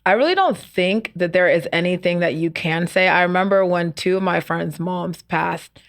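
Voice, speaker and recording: A woman's voice: on the low side, moderate pace. A woman podcast guest talking casually, with lots of fillers like "like" and "you know". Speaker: podcast guest, networking group founder. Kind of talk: casual conversation.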